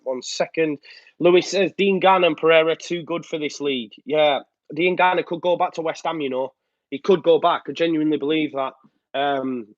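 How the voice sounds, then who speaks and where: Rambling host, slightly muffled. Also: male voice, on the high side, no room sound. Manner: chatty and rambling, with many filler ums. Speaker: host of a live fan show. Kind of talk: casual live-stream chat reading out viewer comments. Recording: slightly muffled dry sound.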